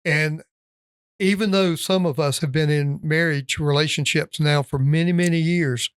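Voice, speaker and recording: A man hosting a podcast who chimes in with frequent affirmations and then gives slow, thoughtful reflections. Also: a little high, fairly even intonation, smooth, no room sound, studio quality. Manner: affirming, frequent "yes" and "mm-hmm", reflective asides. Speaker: podcast host. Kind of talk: casual interview chat.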